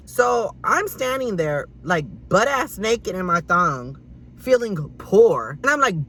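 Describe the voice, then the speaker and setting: A young man telling a casual storytime vlog in a sassy, dramatic way. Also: takes it slowly. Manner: animated, sassy, dramatic delivery with big swings in pitch. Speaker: storyteller vlogger.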